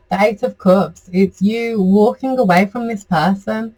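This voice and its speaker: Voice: medium pitch, unhurried, hardly any pauses, a little mellow, rough recording. A tarot reader giving a casual, chatty reading to camera, rambling with many fillers.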